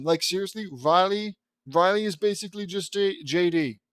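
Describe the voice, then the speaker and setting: A man's voice: high voice, normal speed, fairly bright tone, clear, resonant tone, no room sound. A man reading his own fan fiction aloud and breaking off for digressive, dismissive commentary.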